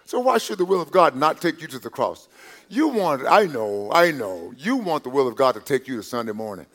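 A man preaching a sermon from the pulpit, his voice sitting in a middle pitch. He talks to the congregation conversationally, repeating words and restarting phrases. He drops to soft asides, then lifts his voice on the points he stresses. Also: sing-song, quick pace. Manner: drops to quiet asides, rises on emphasis. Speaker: pastor.

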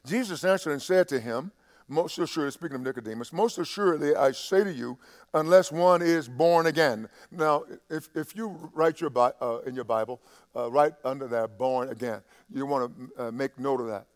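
A man preaching a sermon, halting and repeating himself in quieter stretches, building to loud, impassioned preaching. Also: mid-range voice. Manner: halting, with many restarts and fillers.

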